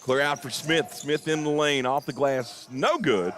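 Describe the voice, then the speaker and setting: A young man calling a basketball game play-by-play, openly partisan and quick to get worked up over big plays and missed calls. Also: on the high side, a little hiss or hum. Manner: excitable, rises sharply on big plays and disputed calls; openly partisan, admits getting emotional. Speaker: play-by-play announcer. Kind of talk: live basketball commentary.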